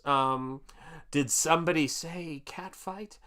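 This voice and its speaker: A middle-aged American man chats his way through a live painting stream, reading viewer comments aloud and reacting with quick exclamations. His voice sits a bit high for a man and has a bright, forward tone. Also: steady tone, clear, resonant tone. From United States. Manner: chatty, reads out viewer comments, exclamations and laughs. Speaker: artist hosting a livestream. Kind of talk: casual livestream chat while painting.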